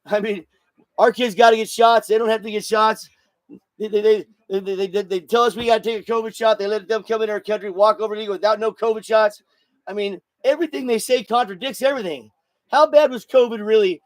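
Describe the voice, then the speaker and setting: High-voiced man on a profane rant. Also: no room sound. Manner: profane, blunt, repeats words when heated. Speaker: show host. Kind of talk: solo political rant.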